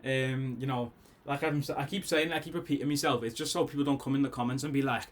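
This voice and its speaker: Excitable Scouse man, tipsy reaction host. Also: mid-range voice, quick pace. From Liverpool, England. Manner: excitable, rambling, laughs often. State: tipsy after drinks. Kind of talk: casual album reaction. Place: bedroom at home.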